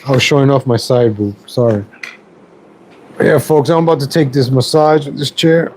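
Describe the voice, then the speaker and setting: A man's voice: medium pitch, moderate pace, a little mellow, a little hiss or hum, low-quality recording. A middle-aged man ranting on a casual home stream, rambling and repeating himself, angry at everything. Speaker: YouTube streamer. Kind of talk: casual political rant stream.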